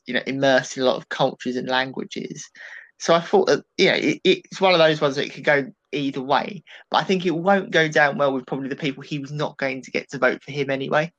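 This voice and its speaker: A man with an animated, rambling delivery, giving his take on a political debate in a casual podcast discussion. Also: mid-range voice, poor audio. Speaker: political commentator.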